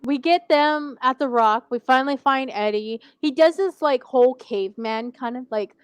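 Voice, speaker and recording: A woman co-hosting a casual TV recap podcast, rambling and animated, saying "like" constantly and laughing often. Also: high-pitched, normal speed, clean tone, dry recording. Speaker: podcast co-host.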